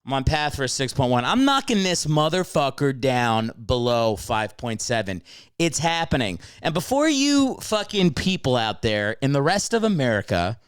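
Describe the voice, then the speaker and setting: A man's voice: mid-range voice, moderate pace, clear, resonant tone, dry recording, studio quality. Brash, profane man ranting on a podcast. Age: 30s. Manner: brash, profane, excitable comedic rant. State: slightly out of breath from a walk. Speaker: podcast host. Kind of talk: solo podcast chat. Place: home couch with dog.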